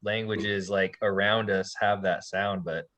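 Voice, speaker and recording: Slow, deep-voiced man teaching. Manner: relaxed, demonstrates sounds slowly with soft laughs. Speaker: language teacher. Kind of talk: online language lesson.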